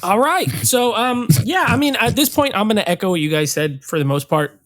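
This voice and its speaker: A man on a podcast giving his take on a film in a measured, thinking-aloud way. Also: sits high, expressive, a bit bright, no echo, studio quality. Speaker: podcast guest. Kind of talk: casual movie review chat.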